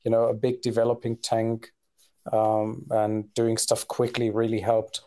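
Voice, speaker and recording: A man's voice: lowish voice, completely flat delivery, a little slow, dark tone. A man co-hosting a podcast in casual conversation, talking hesitantly with many fillers and restarts. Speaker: podcast co-host.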